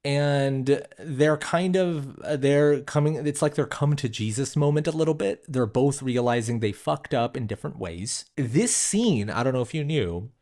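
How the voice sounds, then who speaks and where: Podcast co-host, male, lively up-and-down delivery, loose and casual, filler-heavy. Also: mid-range voice, moderate pace, hardly any pauses. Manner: animated, full of "like" and "you know". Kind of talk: casual film discussion.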